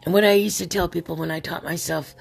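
A woman's voice: on the low side, fairly even intonation, fast talker, creaky, music in the background. A woman hosting a podcast alone, talking in a rambling, chatty way and laughing often. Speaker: podcast host. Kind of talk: casual solo podcast monologue.

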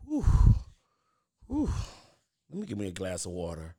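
Hosting his podcast solo, a man in his thirties chats casually and directly with listeners, addressing them as "y'all." He has a low voice with big pitch swings and races along, full of restarts and fillers, over a very noisy recording.

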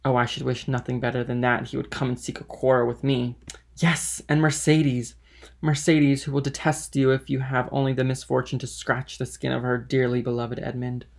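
Male reader as a smooth schemer, calm and calculating, storybook reading. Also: medium pitch, a little fast, lightly acted.

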